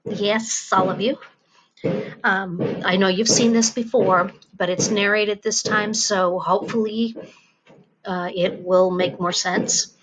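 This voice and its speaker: A Spanish teacher narrates a grammar lesson from home, explaining slowly and patiently with plenty of ums and uhs. Her medium-pitched voice stays fairly even, and background noise can be heard.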